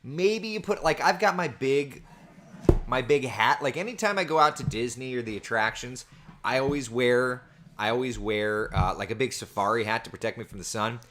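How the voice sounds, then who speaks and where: A man's voice: medium pitch, animated, moderate pace, fairly bright tone, a little hiss or hum. A man giving a casual weather forecast from home, chatting and rambling through viewer comments on a computer camera mic. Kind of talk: casual livestream forecast chat. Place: at home with his small children nearby.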